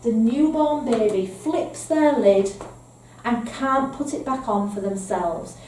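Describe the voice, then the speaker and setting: A woman's voice: on the high side, takes it slowly, darkish tone, a little hiss or hum. A woman with a Northern English accent giving a training presentation to foster carers, explaining points patiently and checking in with "okay?". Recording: echoey room, mic at a distance, faint ambience.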